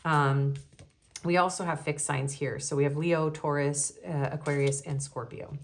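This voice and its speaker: A woman's voice: deep voice, fairly even intonation, a little slow, creaky, a little hiss or hum. A woman giving a casual tarot reading, chatty and giggly, with many ums and likes. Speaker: tarot reader.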